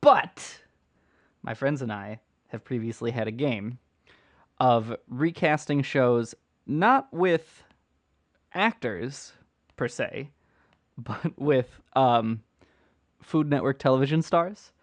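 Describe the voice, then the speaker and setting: A man's voice: mid-range voice, lively intonation, slow pace, pauses often. A man hosting a casual, unedited livestream chat, answering viewer questions in a rambling, playful way and often restarting his sentences.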